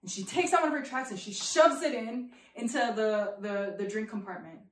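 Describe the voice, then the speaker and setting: A young woman from New York City telling a comic personal story in an animated, rambling way, tagging lines with "right?". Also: on the high side, moderate pace, reverberant, distant mic.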